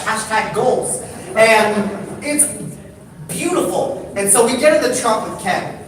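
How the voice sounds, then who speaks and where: A man telling a comic story on stage, animated, his voice jumping up in excited bursts. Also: normal speed, a crowd in the background. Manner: animated, building to excited high-pitched bursts. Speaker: speaker at a live talk. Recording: echoey hall, distant mic, noisy.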